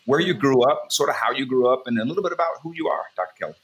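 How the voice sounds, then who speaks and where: A man's voice: medium pitch, very fast, fairly bright tone. An American man hosting a podcast interview in a loose, enthusiastic, rambling chat. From United States. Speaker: podcast host.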